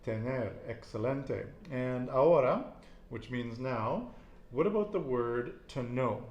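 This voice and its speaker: A man's voice: mid-range voice, animated, slow pace, darkish tone, roomy sound, lo-fi sound. Encouraging man teaching Spanish. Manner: encouraging, repeats answers and praises them. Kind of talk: casual Spanish lesson.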